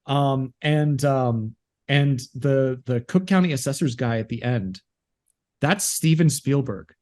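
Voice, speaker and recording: A young adult man in casual chat as podcast co-host, speaking haltingly with many fillers and repeated words. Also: medium pitch, a little mellow.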